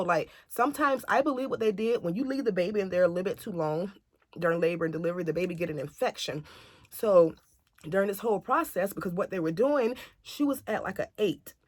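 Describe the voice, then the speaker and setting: A woman telling a family story to camera in a casual, animated way, acting out what others said. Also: lowish voice, fairly quick, dry recording. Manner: chatty, animated retelling that acts out other people's lines.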